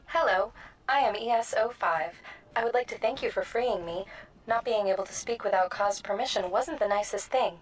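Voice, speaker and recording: A woman plays a courteous female droid from a video game, calm and formal. The voice sits a little away from the mic, with faint music behind it. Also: mid-range voice, moderate pace, distant mic, close to an everyday voice. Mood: polite.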